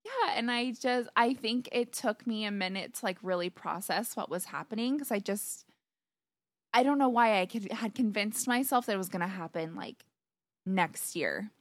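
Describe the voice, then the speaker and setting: A young woman telling a story in relaxed conversation, her voice sitting at an ordinary middle pitch. She laughs often and acts out what was said, recorded close and dry with no room sound. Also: normal speed, no echo. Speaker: podcast guest, fiancée. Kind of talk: casual storytelling chat.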